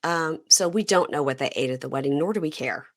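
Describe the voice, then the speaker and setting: Brief: a woman host with a lower voice, wry and deadpan in casual chat. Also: brisk. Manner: dry, wry asides. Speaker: podcast host. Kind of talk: casual chat recapping a show.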